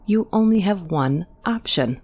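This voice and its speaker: A woman's voice: on the low side, expressive, a little slow, a little mellow, voice pushed up. A woman voicing a frightened, superstitious young adult sister who talks urgently and drops into tense whispers.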